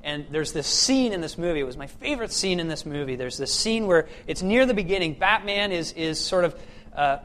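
High-voiced male preacher. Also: animated, fairly quick, fairly bright tone, a little hiss or hum. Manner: conversational, with fillers and restarts, rising to emphatic questions. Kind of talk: scripture reading and sermon.

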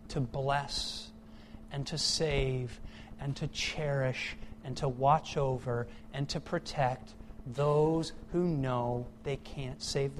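A middle-aged pastor delivers a sermon with a high voice and a slow, deliberate pace. He drops to hushed tones, then builds to loud, emphatic peaks. Faint room noise sits behind him in the church.

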